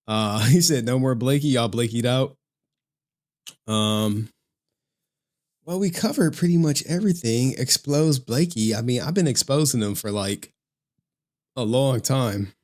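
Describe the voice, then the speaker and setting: A man chats on a live stream in an easygoing, unscripted way. He sounds tired, his talk is loose and he swears now and then. His voice sits at an ordinary middle pitch. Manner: loose, chatty, swears casually. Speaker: commentary streamer. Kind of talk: casual live-stream commentary.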